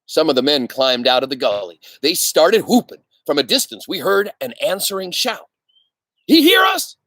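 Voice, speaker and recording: A man reading a novel aloud with expressive delivery, pausing for asides to his listeners. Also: on the high side, no room sound. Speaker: reader.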